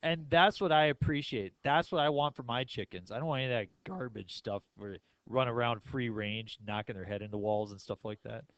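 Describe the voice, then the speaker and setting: A man's voice: medium pitch, a little fast, few pauses, fairly bright tone, smooth, no echo, lo-fi sound. A male math teacher giving a classroom lecture in a casual, joking way and asking the class questions.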